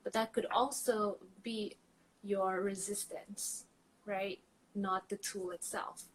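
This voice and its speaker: A woman's voice: mid-range voice, fairly even intonation, slow, slight background noise, low-quality recording. A woman trauma coach talking casually as a podcast guest, chatty with frequent fillers and laughs.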